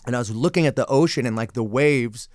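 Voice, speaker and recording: A man's voice: mid-range voice, fast talker, a little mellow, no room sound, studio quality. A man in his forties talking as a podcast guest in casual chat, a laid-back storyteller who swears freely and draws out his phrases.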